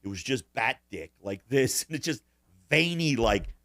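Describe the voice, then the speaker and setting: A man's voice: medium pitch, sing-song, a little slow, a bit bright, no room sound, clean studio sound. A man co-hosting a casual podcast chat, profane and boastful, laughing often at his own stories. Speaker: podcast co-host.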